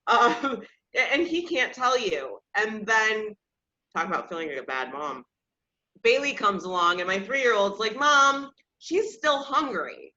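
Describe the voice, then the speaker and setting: On a slightly dull lo-fi recording, a thirtysomething woman hosting a podcast tells casual personal stories a little slowly. Her medium-pitched voice is sing-song with a sharp edge, and she is candid, self-deprecating, and quick to laugh at herself.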